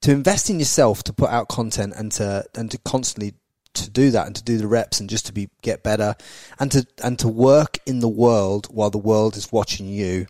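A man's voice: fairly low pitch, a little fast, mellow, no room sound. A man from the UK hosting a podcast interview, enthusiastic and encouraging, often repeating his words as he builds up a point. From United Kingdom. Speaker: podcast host.

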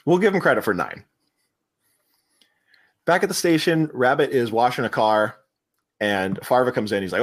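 A male podcast host in casual chat, retelling scenes with a lively, swinging pitch. His voice sits in a middling register, and he talks in an animated way, jumping into quoted lines as he goes. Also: normal speed, long pauses. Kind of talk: casual chat recapping a film.

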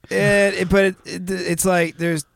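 A man's voice: sits high, flat delivery, slow pace, vocal fry. A man co-hosting a casual chat, rambling and swearing as he guesses at film plots. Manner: rambling, profane, unsure guesses. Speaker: podcast co-host.

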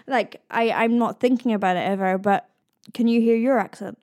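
Soft Scottish-accented woman. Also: a little high, brisk, no room sound, clean studio sound. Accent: soft east-coast Scottish. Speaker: host, voice coach. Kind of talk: casual chat.

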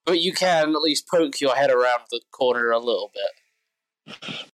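A game master narrating a tabletop role-playing game in a relaxed, matter-of-fact way. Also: medium pitch, a little slow, no echo, rough recording.

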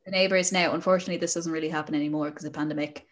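A woman's voice: sits low, steady tone, racing. Chatty young Irish woman, playful. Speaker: podcast co-host. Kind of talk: casual chat.

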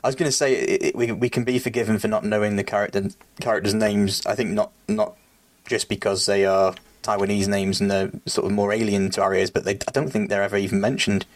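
Man, low and even-voiced, relaxed and agreeable co-host; dry, close sound. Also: fast, few pauses, dry recording. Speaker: podcast co-host. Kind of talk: casual film discussion.

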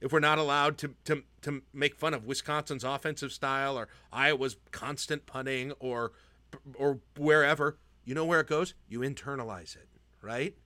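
A man's voice: mid-range voice, steady tone, moderate pace, sharp tone, no room sound. A man co-hosting a casual sports podcast, teasing his partner and making his case like a mock-preacher. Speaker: podcast co-host.

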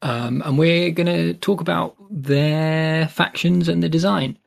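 A man hosting a podcast with a casual intro. He talks haltingly and leans on lots of fillers. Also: a little high, fairly even intonation, vocal fry. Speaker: podcast host.

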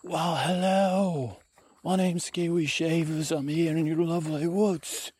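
A man voicing a dreamy, whimsical woodland adventurer with a slow, drawn-out, sing-song delivery, recorded outdoors on a handheld recorder. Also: on the high side, steady tone, a little mellow, breathy edge, pitched above the performer's own voice. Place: outdoors on a wooded trail. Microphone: handheld recorder with fuzzy windscreen. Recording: faint outdoor traffic ambience.

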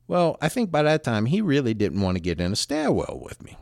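A man casually telling a personal story, animated and salty, with frequent restarts. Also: mid-range voice, a little fast, few pauses, no room sound, clean studio sound.

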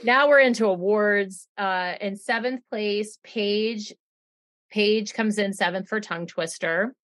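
A woman's voice: mid-range voice, takes it slowly, fairly bright tone. A young adult woman co-hosting a podcast, chatting casually with blunt remarks, swearing and laughing often. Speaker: podcast co-host. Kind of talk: casual recap chat.

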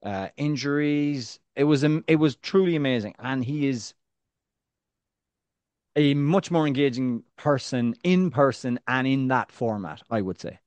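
A man in his thirties co-hosts a sports podcast in a relaxed, rambling way. He jokes around and starts sentences over before landing them. His voice sits at an everyday pitch and is recorded dry and close, with no room sound. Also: unhurried, clear, resonant tone, no echo. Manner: joking, rambling with restarts. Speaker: podcast co-host. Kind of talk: casual podcast chat.

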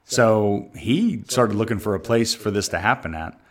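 A man's voice: fairly low pitch, normal speed. A man co-hosting a casual chat and plainly retelling a story.

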